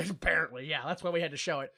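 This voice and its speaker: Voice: medium pitch, fast talker, gravelly, bright, forceful tone. A young adult podcast co-host in casual comedic chat, recapping an episode with lots of laughs and silly voices.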